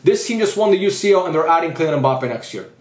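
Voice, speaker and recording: Fast-talking, fired-up football vlogger guy. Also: a little high, lively intonation, echoey room. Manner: frustrated, swearing, rambling with restarts. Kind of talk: post-match rant.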